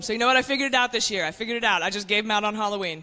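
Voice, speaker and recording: A woman's voice: mid-range voice, rapid-fire, bright, forceful tone, big-room sound. A woman in her forties performing a stand-up comedy set, brash and conspiratorial, talking straight to the crowd on a club stage with a handheld mic. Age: 40s.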